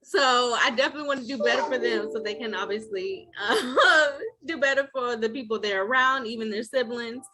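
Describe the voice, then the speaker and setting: A woman's voice: on the high side, a little fast, crowd noise, poor audio. A woman, a mother, chatting casually about parenting and her kids, laughing often and telling stories with lots of life. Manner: laughs often, animated storytelling. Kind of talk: casual chat.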